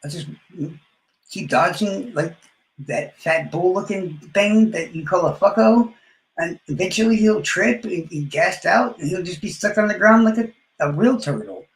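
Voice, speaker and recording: A man brags and trash-talks his rivals on a live stream, profane and swaggering. His fairly high voice has a gravelly rasp and sounds roomy and echoey. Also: lively intonation, moderate pace. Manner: boastful, profane trash talk with trailing mumbles. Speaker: livestreamer.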